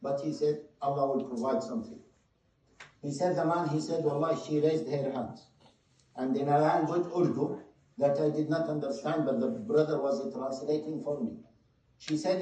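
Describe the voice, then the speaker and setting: A man preaching a sermon, telling a story with passion, shifting between loud stresses and hushed moments. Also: on the high side, fairly even intonation, normal speed, a little hiss or hum. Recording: very echoey hall, mic at a distance.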